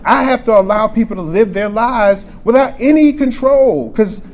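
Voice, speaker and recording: A man's voice: high-pitched, moderate pace. A man in his forties giving a frank, emotional personal testimony at a recovery convention, often restarting his sentences. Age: 40s. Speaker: speaker sharing recovery story at a convention. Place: convention meeting room.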